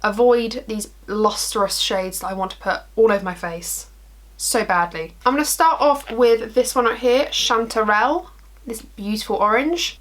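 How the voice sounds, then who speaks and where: A woman's voice: on the high side, normal speed, fairly bright tone. A young woman chatting casually through a makeup tutorial, rambling and poking fun at herself as she works in front of a mirror. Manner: chatty, self-deprecating, rambling asides. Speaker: makeup vlogger.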